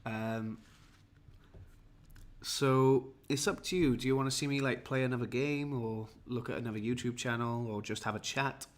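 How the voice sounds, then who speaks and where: A man's voice: medium pitch, steady tone, normal speed. A tired, jetlagged man from Wales, rambling and self-mocking as he chats with viewers on a livestream. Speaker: livestream host. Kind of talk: casual livestream chat.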